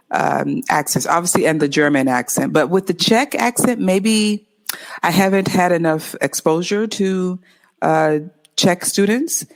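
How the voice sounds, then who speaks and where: A woman from Los Angeles with a Californian accent, an English tutor answering interview questions in an upbeat, expressive way with clear enunciation. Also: lowish voice. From Los Angeles, USA.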